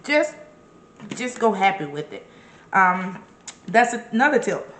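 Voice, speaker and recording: A woman's voice: medium pitch, lively intonation, unhurried, a bit bright. Chatty woman cooking in an echoey kitchen. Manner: chatty, encouraging, emphatic repetitions. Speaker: home cook and caterer. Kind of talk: casual cooking demonstration.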